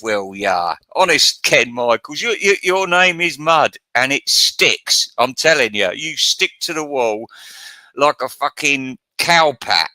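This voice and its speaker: A man's voice: fairly high pitch, unhurried, pushed and bright, no echo. A man hosting his channel, ranting in a crude, profane, rambling and mocking monologue. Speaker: channel host.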